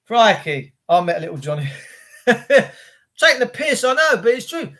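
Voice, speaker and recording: A man's voice: extremely high pitch, sing-song, unhurried, pushed and bright. Sweary man rambling on a stream. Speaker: livestream host. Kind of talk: casual rambling livestream rant.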